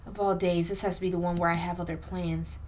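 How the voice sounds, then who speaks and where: A woman's voice: on the low side, flat delivery, fast, darkish tone, slight background noise. A young woman hosting a let's play, reading the game aloud with emotional, slangy commentary. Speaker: gaming channel host.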